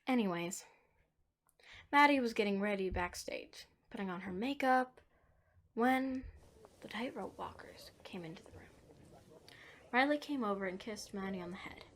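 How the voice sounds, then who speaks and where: A woman narrating a dark story, moving between hushed whispers and emphatic lines. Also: mid-range voice, animated, unhurried, pauses often.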